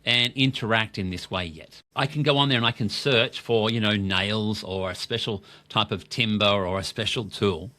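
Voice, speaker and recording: Australian man, middle-aged, podcast co-host, lowish pitch, bright forceful tone, enthusiastic, rhetorical questions. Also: normal speed, hardly any pauses. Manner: enthusiastic, poses rhetorical questions and answers them. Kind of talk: casual business talk.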